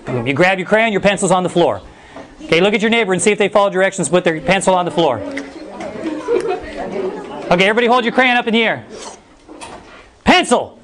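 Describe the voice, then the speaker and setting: Energetic male teacher with a high voice. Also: crowd noise. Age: middle-aged. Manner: energetic, brisk, playful commands. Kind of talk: classroom instruction. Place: classroom.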